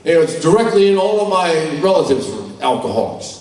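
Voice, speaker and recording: An older man from New York tells his story bluntly and candidly, with salty language, in a voice sitting a little high. He speaks in a large conference hall, and the sound rings with heavy echo from a mic placed far away. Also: very animated, brisk, a little mellow, slight background noise. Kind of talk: personal testimony talk.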